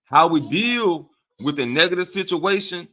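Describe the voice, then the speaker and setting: A man with a Southern US accent hosting a casual livestream, speaking to his viewers in an animated, preachy way and often checking in with them. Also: a little high, unhurried. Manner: animated and preachy, often asks "right?" of listeners. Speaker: livestream host. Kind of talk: casual livestream talk to chat.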